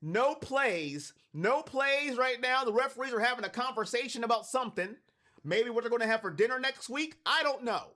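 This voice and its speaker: High bright guy from cleveland streaming a game, calls plays, yells at big ones. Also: animated, moderate pace. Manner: hypes chat, shouts on big plays. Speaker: watch party streamer doing play-by-play. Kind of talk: live stream play-by-play and chat.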